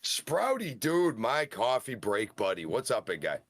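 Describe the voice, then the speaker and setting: A man co-hosting a casual wrestling review podcast, recapping matches with excited, rapid-fire enthusiasm. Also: lowish voice, dry recording, studio quality. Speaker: podcast co-host.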